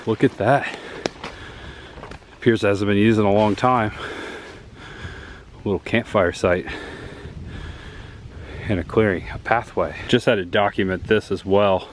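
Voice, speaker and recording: A man's voice: lowish voice, fairly even intonation, measured pace, long pauses, a little hiss or hum. A man narrating a casual walk-and-talk vlog outdoors in the woods, pointing things out as he goes, filmed on a handheld camera. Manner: enthusiastic, pointing things out as he walks. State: out of breath. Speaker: vlogger touring filming locations.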